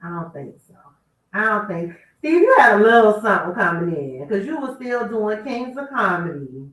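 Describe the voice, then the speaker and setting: A woman's voice: mid-range voice, very animated, moderate pace, fairly bright tone. A woman hosting a radio talk show, sassily dishing celebrity gossip and talking back to people who aren't there. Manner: sassy, talks back to absent people. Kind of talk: casual celebrity gossip commentary. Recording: roomy, distant mic.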